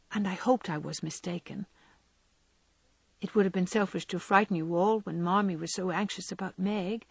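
A woman voicing a gentle, frail young woman who is dying and resigned, speaking softly and in a whispery way. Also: medium pitch, creaky, slightly rough, no room sound. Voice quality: soft and whispery.

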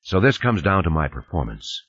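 A man's voice: low voice, sing-song, moderate pace, fairly bright tone, husky, lo-fi sound, exaggerated voice. A man reading a worried office man. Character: worried man facing dismissal at work. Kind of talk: audiobook reading.

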